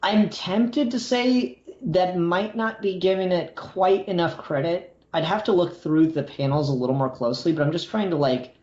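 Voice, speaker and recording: A man's voice: high-pitched, normal speed, hardly any pauses, darkish tone. A man co-hosting a podcast, talking casually and hesitantly about comics. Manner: hesitant, lots of fillers and restarts. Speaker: podcast co-host. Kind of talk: casual comic book discussion. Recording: echoey, dull lo-fi room sound.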